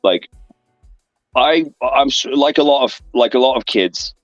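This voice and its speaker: Unhurried and medium-pitched, an English wrestler in his thirties rambles through backstage stories on an online interview stream, heavy on fillers and brightened by lively voiced asides. The muffled recording has no room sound and soft background music.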